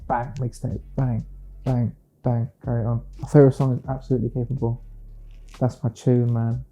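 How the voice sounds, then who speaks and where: A British singer-songwriter speaking in a casual interview, reflective and playful, often slipping into quoted voices. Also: male voice, mid-range voice, warm tone. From United Kingdom.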